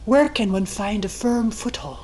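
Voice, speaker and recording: A woman meditation teacher giving a calm, thoughtful talk, reading a text aloud and commenting on it. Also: unhurried, rough recording. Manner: calm and thoughtful, acting out quoted voices with raised pitch. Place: retreat meeting room.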